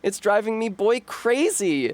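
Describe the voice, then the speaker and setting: A man pitching his voice way up into a breathless, boy-crazy girl who gushes and swoons at every word. It is played as a comic meme reading, high and fluttery, with an over-the-top giddiness. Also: very animated, unhurried, darkish tone, no echo. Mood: giddy swooning. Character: girl gushing giddily over a boy's scent.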